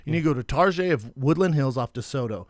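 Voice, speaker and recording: A man's voice: mid-range voice, fast talker, dry recording. Storytelling man with a dry close sound. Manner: animated storyteller, acts out quotes. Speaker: podcast host. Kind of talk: casual podcast chat.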